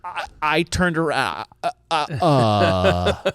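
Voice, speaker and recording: A man's voice: a little high, very animated, slow, creaky, a bit bright, smooth, no room sound, clean studio sound. A middle-aged man co-hosting a podcast, telling a family story in a candid, self-deprecating way and swearing freely. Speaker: podcast co-host. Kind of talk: casual storytelling chat.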